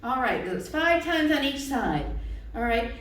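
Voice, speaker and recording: High-voiced woman coaching kids' yoga, echoey room. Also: big pitch swings, measured pace, a bit bright. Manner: cheerful, encouraging, coaxing questions to kids. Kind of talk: guided yoga instruction for children. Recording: very echoey room, far from mic.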